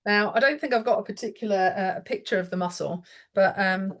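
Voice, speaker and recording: A woman's voice: mid-range voice, brisk. A woman pain therapist chatting in a webinar over a video call, explaining body mechanics and telling stories from her practice. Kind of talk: casual webinar chat.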